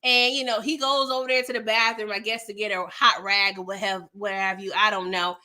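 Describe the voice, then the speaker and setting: Young female recap host, bright forward tone, casual and slangy, exasperated asides. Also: medium pitch, little pitch movement, a little fast. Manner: chatty and slangy, reacting with exasperation. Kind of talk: casual live episode recap.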